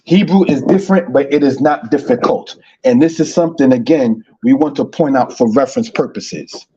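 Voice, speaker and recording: Male Hebrew teacher, husky and mellow, repetitive live-stream delivery, muffled lo-fi audio. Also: mid-range voice, normal speed. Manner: repetitive, addresses listeners as brothers and sisters. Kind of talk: online Hebrew lesson.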